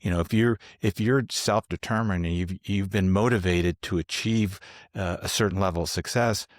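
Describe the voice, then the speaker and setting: A man with a very deep, low voice who speaks in a measured, reflective way and often restarts his phrases as he thinks aloud. He is recorded close and dry, in the manner of a podcast studio. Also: no room sound. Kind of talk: casual interview conversation.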